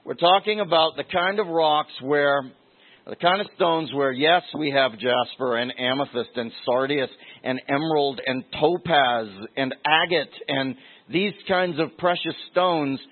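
Guy preaching a sermon, kinda high voice, repeats his main lines, sounds like over a phone. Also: unhurried, narrow, tinny audio. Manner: conversational, repeats key phrases for emphasis.

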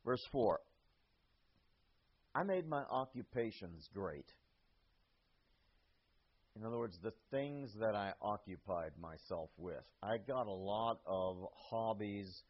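A man preaching a verse-by-verse sermon, slow and deliberate, often speaking the verses' author in first person. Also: fairly low pitch, lively intonation, breathy edge, muffled recording.

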